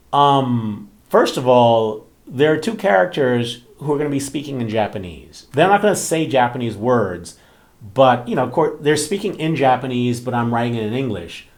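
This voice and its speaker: A man, a romance author and channel host, telling a story in casual chat with lots of fillers and acted-out quotes. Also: medium pitch. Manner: animated storytelling, frequent fillers, acts out quoted voices. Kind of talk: casual talking-head chat.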